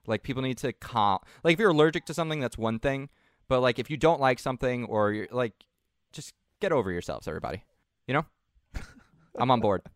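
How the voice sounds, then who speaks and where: A man's voice: mid-range voice, animated, brisk, no echo, clean studio sound. A man hosting a casual podcast, rambling and swearing a lot, with many "like"s. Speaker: podcast host. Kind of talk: casual chat.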